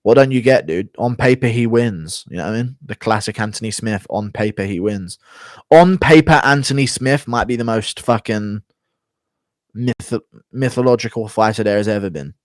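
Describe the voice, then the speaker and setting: A man's voice: fairly low pitch, normal speed, no echo, studio quality. Blunt, sarcastic male streamer. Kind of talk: casual stream commentary.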